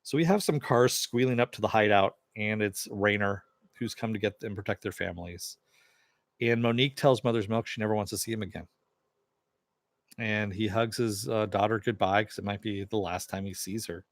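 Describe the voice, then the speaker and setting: A man's voice: lowish voice, normal speed, no echo. A man casually recapping a TV episode, rambling with lots of fillers and "he goes". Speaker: TV episode reviewer.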